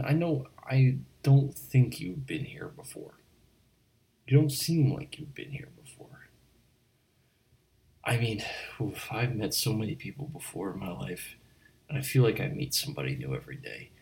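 A man in a whispered role-play, playing a chatty, rambling late-night bartender who stammers and speaks softly. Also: fairly low pitch, animated, fairly quick, gravelly, poor audio. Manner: rambling, stammering, soft-spoken.

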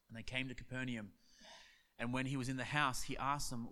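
A male pastor preaching a sermon, telling Bible stories in an animated way and acting out their dialogue. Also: mid-range voice, brisk.

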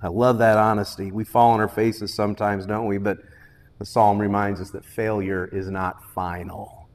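A man preaching a sermon in an earnest, questioning way, moving from loud pleading to hushed, reflective lines. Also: fairly low pitch, flat delivery, normal speed, big-room sound. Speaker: pastor.

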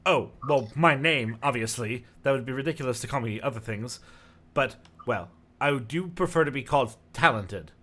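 A man's voice: medium pitch, normal speed, fairly bright tone, close to an everyday voice. A man voicing a fussy, self-important male halfling traveler with a prim, impatient manner. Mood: haughty.

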